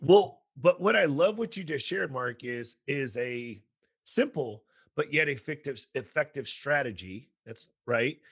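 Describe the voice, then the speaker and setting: A podcast host who works as a school counselor chats casually with a guest, telling animated stories packed with acted-out quotes in different voices. His mid-range voice moves at a measured pace and carries a breathy edge.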